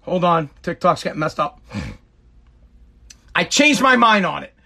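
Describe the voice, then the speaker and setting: A man with a high, lively voice rants on his podcast with mocking exasperation. His tone is sharp and forceful as he keeps cracking himself up between lines. He is recording at home. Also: measured pace, gravelly. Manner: exasperated, mocking, breaks into laughter. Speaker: podcast host. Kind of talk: comedic podcast rant.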